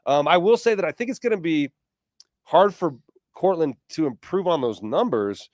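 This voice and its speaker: A man co-hosting a sports talk show, chatty and teasing, quickly running through lists of players. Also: a little high, lively intonation, a little mellow, no room sound, clean studio sound. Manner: chatty, teasing, rattles off names. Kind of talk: sports talk radio chat.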